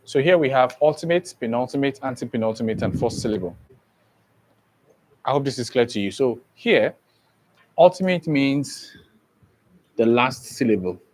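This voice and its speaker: A man's voice: medium pitch, animated, darkish tone, slight background noise, low-quality recording. A man teaches an online exam-prep lesson at an easy pace. He repeats each point several times and keeps checking that his students follow. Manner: slow, repetitive explaining with frequent "okay?" checks.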